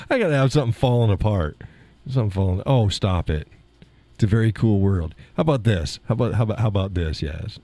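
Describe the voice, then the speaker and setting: A middle-aged man hosting a live stream and bantering with his chat, laughing a lot and joking at his own expense. His voice is low and mellow, with a lively, swooping pitch. He sounds close and dry on a desk mic, with a leftover cough. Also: fast, dry recording. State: lingering cough, clears throat. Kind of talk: casual chat reading viewer comments.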